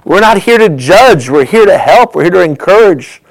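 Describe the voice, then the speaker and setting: Man, a bit high, gentle and earnest commentary, sometimes close to a whisper. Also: animated, moderate pace, low-quality recording. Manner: soft, emotional, sometimes dropping to a whisper; earnest, plain-spoken. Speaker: host reacting to a clip. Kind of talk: reflective commentary.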